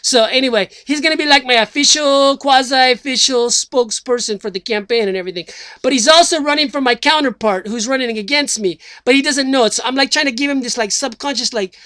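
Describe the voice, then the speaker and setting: A man's voice: extremely high pitch, a little fast, pushed and bright, no echo. A man playing a rambling slacker who announces a presidential run, talking in a loose comedic monologue full of fillers and swearing. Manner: rambling, filler-heavy, swears, loses his thread. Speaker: self-styled presidential candidate.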